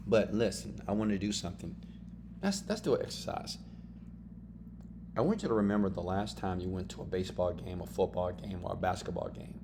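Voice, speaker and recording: A man's voice: on the low side, a little mellow, slight background noise. A man giving a motivational self-help lesson, emphatic and full of "right?" and "okay?" tags. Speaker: motivational course teacher. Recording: music playing under the voice.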